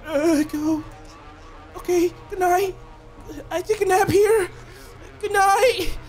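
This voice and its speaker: A man's voice: extremely high pitch, takes it slowly, soft background music. A young man playing a horror game, jumpy and swearing as he talks to his chat. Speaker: gaming youtuber. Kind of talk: horror game let's play commentary.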